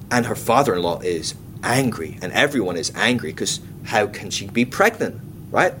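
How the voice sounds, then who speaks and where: A man leading a Bible study class in a casual, chatty way, full of comic asides and quick acted-out quotes. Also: mid-range voice, a bit bright, slight background noise.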